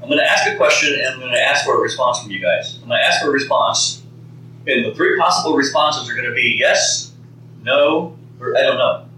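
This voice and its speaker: Male speaker teaching a group live: bright voice, conversational, repeats words, quizzes the audience; recorded from far off in a very echoey room. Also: medium pitch, brisk, a little hiss or hum.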